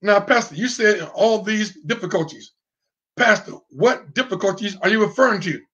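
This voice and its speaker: A man's voice: high-pitched, normal speed, a bit bright, highs cut off. A man preaching an online sermon, fiery, with call and response and sudden whoops. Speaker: pastor.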